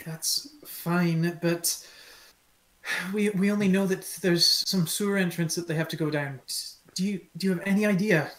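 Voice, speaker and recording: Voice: medium pitch, fairly even intonation, normal speed. A player in a casual tabletop game who talks earnestly and restarts phrases.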